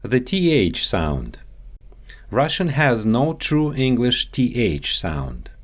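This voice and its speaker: A man working as a dialect coach, explaining pronunciation in a deliberate, teacherly way. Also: mid-range voice, huge pitch swings, slight background noise. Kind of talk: instructional explanation.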